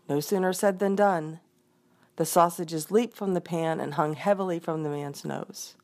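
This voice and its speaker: Woman storyteller, slightly low voice, expressive folk tale reading. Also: normal speed.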